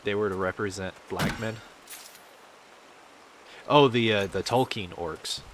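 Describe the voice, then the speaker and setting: A man's voice: fairly low pitch, a little slow, a bit bright, a little hiss or hum. A man chatting casually on a game stream, rambling and swearing as he answers chat.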